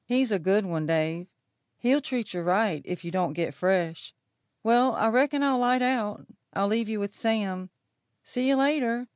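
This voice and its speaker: A woman reading an audiobook, voicing a friendly young male frontier rider in a higher, breezy voice. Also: measured pace, darkish tone, no room sound, studio quality, natural voice.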